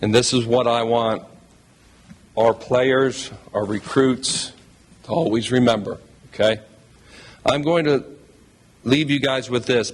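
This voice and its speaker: A man speaking as a new head basketball coach at a press conference, heartfelt, emotional and thankful. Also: mid-range voice.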